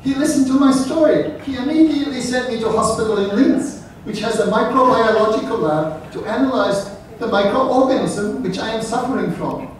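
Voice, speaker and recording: A man putting on a Viennese letter writer. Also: very high voice. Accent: put-on Viennese. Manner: reads a letter aloud in character, dry and matter-of-fact. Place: lecture room with audience. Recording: roomy, distant, faint noise.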